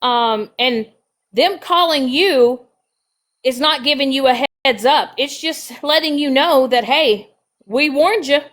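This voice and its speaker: A woman's voice: sits high, slow, fairly bright tone. A woman hosting a live stream, ranting bluntly and profanely and confronting her critics directly. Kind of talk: heated live stream rant.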